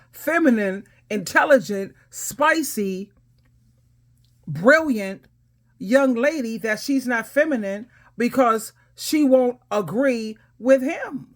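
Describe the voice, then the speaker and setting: A middle-aged woman advice coach giving emphatic, authoritative reaction commentary. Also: fairly high pitch.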